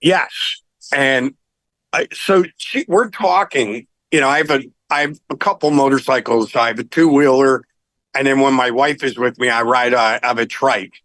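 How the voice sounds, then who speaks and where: A middle-aged man, a rock singer, telling anecdotes in a casual interview, animated and laughing now and then. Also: medium pitch, normal speed, no room sound, rough recording.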